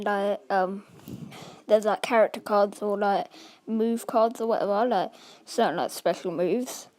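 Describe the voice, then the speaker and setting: A woman's voice: medium pitch, a little mellow, no room sound. A woman telling a casual storytime vlog, rambling and full of "like" and "um" fillers. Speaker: vlogger.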